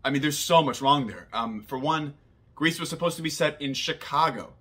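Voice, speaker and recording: A man in a comedy sketch who sounds exasperated as he sets others straight. His voice is somewhat high and lively, with a husky edge and faint music behind. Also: moderate pace. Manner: exasperated, correcting tone.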